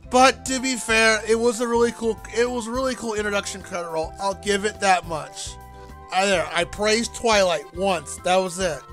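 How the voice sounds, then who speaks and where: A man's voice: sits high, steady tone, a bit bright. A man streaming a game and chatting casually, rambling and joking with frequent restarts. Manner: rambling, jokey, halting restarts. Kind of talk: casual gameplay commentary. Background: faint game music.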